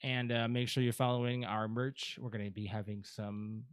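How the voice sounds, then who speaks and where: A man co-hosting a casual podcast, rambling through announcements with plenty of ums and uhs. His voice sits at an ordinary pitch, recorded close and dry with no room sound. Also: little pitch movement, normal speed, clean tone, no room sound. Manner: chatty, rambling plugs with fillers. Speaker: podcast co-host.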